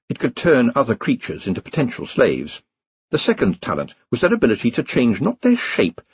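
Husky, expressive male storyteller. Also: on the low side, no echo, highs cut off. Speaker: audiobook narrator. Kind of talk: scripted narration.

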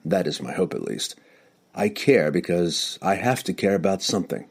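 A man voicing a calm, earnest male dark elf ranger in an audiobook, measured and soft-spoken. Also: deep voice, husky, full character voice.

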